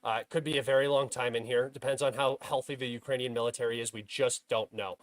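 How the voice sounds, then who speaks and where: A man's voice: medium pitch, fairly even intonation, fast talker, no room sound. Filler-heavy young man, dry close mic. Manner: filler-heavy, many uh and um restarts; bursts into loud frustrated shouting at himself. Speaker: host of a military map analysis stream. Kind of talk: casual livestream commentary over a map.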